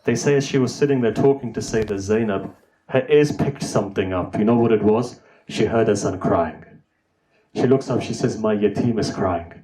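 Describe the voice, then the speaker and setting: A man's voice: on the low side, normal speed, mellow. A man preaching an emotional mourning sermon in a mosque, often asking the listeners rhetorical questions. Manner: impassioned, emotional recitation.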